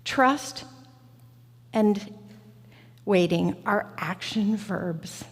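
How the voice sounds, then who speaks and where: A woman preaching a reflective, personal sermon in a church sanctuary, slow and deliberate. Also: mid-range voice, husky. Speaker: guest preacher. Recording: church hall reverb.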